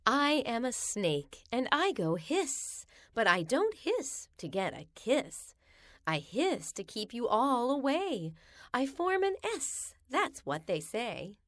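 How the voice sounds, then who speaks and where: A woman reads children's rhymes aloud, slow and sing-song, her fairly high voice rising and falling a great deal. The sound is close and dry, with no room around it. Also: sing-song, no room sound.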